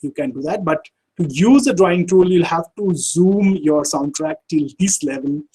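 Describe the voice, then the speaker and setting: Guy walking through an audio editor online, slightly high husky voice, lots of uh and you know. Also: dark tone, poor audio. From India. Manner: halting, many fillers like "uh" and "you know". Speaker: workshop instructor. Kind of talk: online software tutorial.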